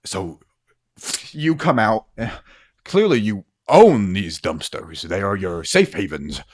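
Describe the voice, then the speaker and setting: A man's voice: lowish voice, big pitch swings, takes it slowly. A man narrating as game master of a tabletop role-playing game, rambling with many fillers and frequent laughs.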